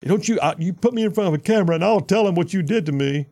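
A man's voice: sits high, fast talker, dark tone, pitched above the performer's own voice. A man imitating a tired, aggrieved elderly male politician who rambles defensively about himself.

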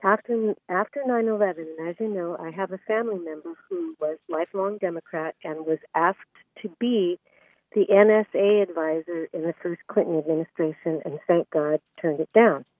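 A woman's voice: fairly low pitch, normal speed, no echo. A woman calling in to a radio talk show, telling an earnest, emotional story. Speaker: caller. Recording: tinny phone line, dry.

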